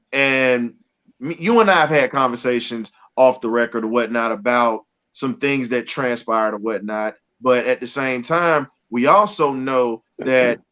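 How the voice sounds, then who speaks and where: A man's voice: mid-range voice, a bit bright. Long-winded male interview host, lo-fi sound. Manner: admiring, long-winded questions. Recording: dull lo-fi audio.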